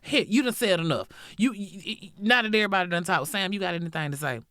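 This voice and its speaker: A woman's voice: mid-range voice, fast, a bit bright, no echo, clean studio sound, close to an everyday voice. A woman voicing a stern, fed-up male judge who gives curt commands.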